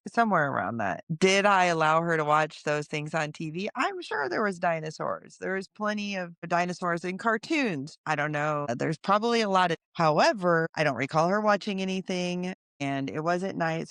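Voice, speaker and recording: A woman hosting her own podcast, telling stories in an animated way and acting out the voices of the people in them. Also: fairly low pitch, dry recording, clean studio sound. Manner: animated, acts out quoted voices. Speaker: podcast host. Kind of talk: solo podcast storytelling.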